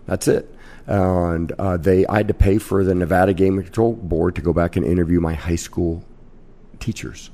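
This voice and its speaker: Gravelly, deep-voiced man telling brash stories. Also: normal speed. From Kansas. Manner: brash, animated anecdote-teller. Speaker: casino host, interview guest. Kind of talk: podcast interview storytelling.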